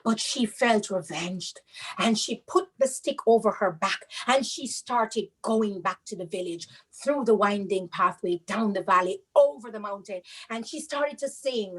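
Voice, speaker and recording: A woman with a Caribbean accent telling a children's story, animated and sing-song, stopping to explain local words. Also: medium pitch, measured pace, breathy edge, poor audio.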